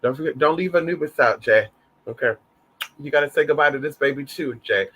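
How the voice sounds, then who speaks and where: Flamboyant guy chatting to his viewers, sassy and cussing, kinda high bright voice. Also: a little fast, breathy edge. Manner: sassy, flamboyant, calls viewers honey and y'all, swears a lot. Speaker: vlogger. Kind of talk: casual livestream chat.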